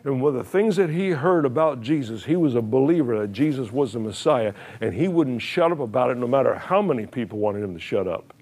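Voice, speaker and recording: A man's voice: mid-range voice, lively intonation, brisk, hardly any pauses, darkish tone. A male pastor preaching a sermon in plain, folksy words, emphatic, repeating phrases and putting questions to his listeners. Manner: frequent uh fillers and restarts, plain folksy wording.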